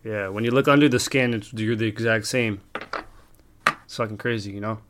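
A man's voice: on the low side, a little fast, a little hiss or hum. A young man, co-hosting a podcast in laid-back, profane chat. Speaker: podcast co-host. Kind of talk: casual chat.

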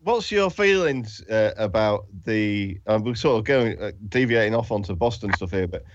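A man chatting casually in a podcast who often stumbles and restarts mid-sentence. His voice sits at a middle pitch, recorded dry and a little dull. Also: expressive, dry recording. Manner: halting, stumbling over words. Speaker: podcast co-host. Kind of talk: casual chat. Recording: dry, lo-fi sound.

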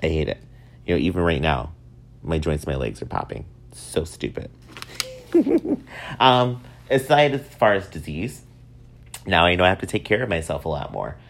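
A man in his thirties from upstate New York, telling self-mocking stories in a casual, animated way. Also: moderate pace, vocal fry, long pauses, a little hiss or hum. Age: 30s. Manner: animated, self-mocking, swings up high for acted quotes. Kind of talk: casual storytelling monologue.

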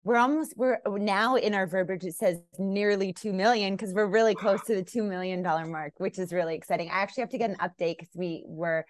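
A woman's voice: mid-range voice, steady tone, brisk, hardly any pauses. A woman in her thirties from Canada, a podcast guest talking casually and bluntly, jumping into raised voices to act out her own thoughts. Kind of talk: casual interview chat.

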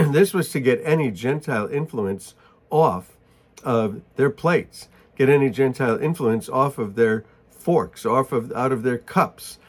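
A man reads a Bible passage aloud and explains it in casual asides. He clears his throat often. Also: mid-range voice, darkish tone. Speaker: Bible teacher. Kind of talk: Bible reading with commentary.

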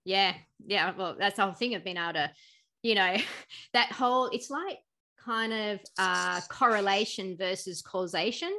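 A woman chatting in a lively, storytelling way, often laughing and voicing the people in her anecdotes. Her tone is bright and forward, with a crisp edge. She talks casually, as a guest on a podcast. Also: mid-range voice, normal speed. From Australia. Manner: animated storyteller, laughing, acting out quotes. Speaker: guest, pharmacist.

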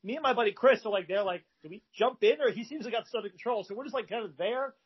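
Male guest, high husky voice, rambling storyteller, lo-fi podcast sound. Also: rapid-fire. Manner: rambling with frequent fillers and restarts. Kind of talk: animated storytelling.

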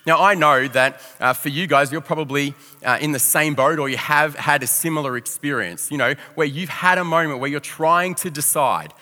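A young Australian pastor tells a story from the pulpit in an animated, self-deprecating way. His voice is bright and sits fairly high for a man. It rings out with a long reverb through a large church hall. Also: normal speed, hardly any pauses. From Victoria, Australia. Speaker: youth pastor. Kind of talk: storytelling sermon.

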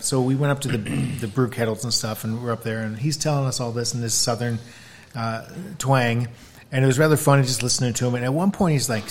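A man in casual talk, telling a story with energy, his voice rising and falling as he acts out the other people in it. He speaks at an ordinary middle pitch. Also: slight background noise. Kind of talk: casual chat.

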